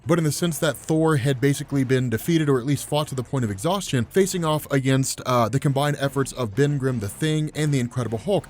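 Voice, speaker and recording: A man's voice: mid-range voice, darkish tone. A man hosting a casual comic book explainer, chatty and enthusiastic with lots of fillers. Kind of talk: casual commentary.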